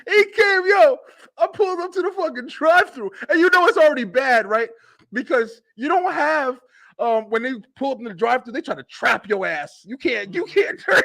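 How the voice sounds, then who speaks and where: A young man with a high, lively voice tells rowdy stories on a web show, laughing often and swearing freely. His pitch swings up sharply when he gets excited. The sound is dry and close. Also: creaky, dry recording. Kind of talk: casual comedic storytelling.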